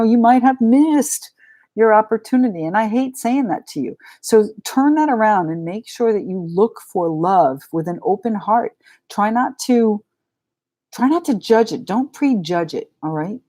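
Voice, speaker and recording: A woman's voice: medium pitch, warm tone. A middle-aged woman with a New England accent giving a live tarot reading in a chatty, frank and joking way. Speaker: tarot reader.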